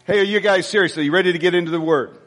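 A pastor preaching a live sermon to his congregation, exuberant and prone to shouting, with joking asides between the preaching. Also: high voice, rapid-fire, big-room sound. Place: church sanctuary before a congregation. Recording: music audible under voice.

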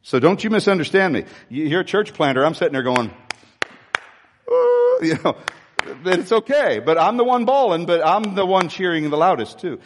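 Older male pastor, heartfelt sermon with many restarts, animated delivery, reverberant hall. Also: sits high. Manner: emotional, confessional, with halting restarts.

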